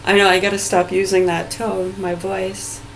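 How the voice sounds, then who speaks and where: A woman's voice: mid-range voice, flat delivery, moderate pace, vocal fry, slight background noise, rough recording. A woman in her forties delivering a rambling, heated rant full of swearing. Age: 40s. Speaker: vlogger. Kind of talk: profane angry rant.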